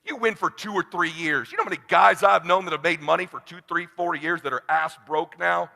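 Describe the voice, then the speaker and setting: A man in his forties giving a blunt motivational sales seminar to a live audience, dropping to a hush and then shouting. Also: sits high, brisk, creaky. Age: 40s. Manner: blunt, swings from hushed to shouting. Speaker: sales trainer. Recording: long hall reverb.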